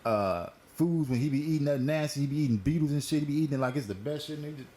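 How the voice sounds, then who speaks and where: A man's voice: on the high side, racing, dark tone. Man, host, casual current-events chat, laid-back slangy storyteller, swears a lot, smoking as he talks, faint background hiss. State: smoking while talking.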